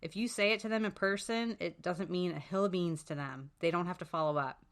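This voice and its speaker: A chatty, candid woman in middle age talks through advice in a relaxed, unscripted way, her voice sitting fairly low. She speaks plainly, with plenty of "um"s and blunt asides. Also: fairly quick. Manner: frank and chatty, with swearing and many "um"s. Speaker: special education advocate, podcast host. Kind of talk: casual advice talk.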